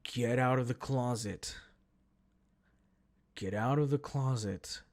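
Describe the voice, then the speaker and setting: A tired boyfriend speaks in a calm, low monotone, slow and unbothered. A man acts him out, dropping his voice. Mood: flat calm. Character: calm fed-up man leaving his girlfriend.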